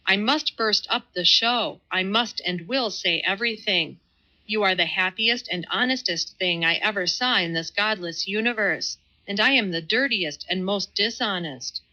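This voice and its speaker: Lady narrator doing a stubborn young atheist guy, slow and vehement, bright voice, muffled audio. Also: medium pitch, lightly acted. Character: fierce stubborn young atheist man in disguise.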